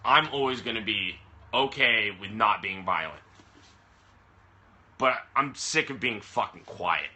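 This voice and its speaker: Profane ranting man, bright voice. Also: on the low side, lively intonation, measured pace, long pauses. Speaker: vlogger. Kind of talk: angry live-stream rant. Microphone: camera mic. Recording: phone or webcam live stream.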